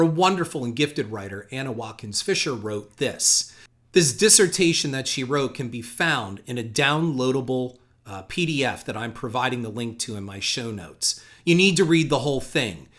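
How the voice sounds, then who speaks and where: Male podcast host, sardonic reader with mock emphasis, average pitch. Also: sharp tone. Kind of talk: reading quotes aloud with commentary.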